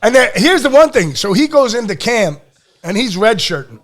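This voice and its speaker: A middle-aged man from Pennsylvania hosting a podcast, telling an emotional family story in casual chat, excitable and swearing. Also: sits high, normal speed. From Lehigh Valley, Pennsylvania. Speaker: podcast host.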